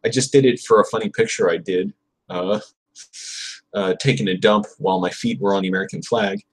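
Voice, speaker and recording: A man's voice: fairly low pitch, fairly even intonation, a little fast, slightly rough. A young man on a casual livestream, repeating verb forms aloud and muttering asides as he studies. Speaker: channel host studying Spanish. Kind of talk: casual livestream study session.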